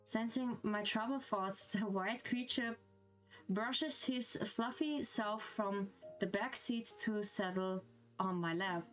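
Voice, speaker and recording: A woman's voice: mid-range voice, slow pace, a bit bright, soft background music, poor audio. A woman streamer with a German accent who reads a game story aloud and reacts with giggly, gushing comments.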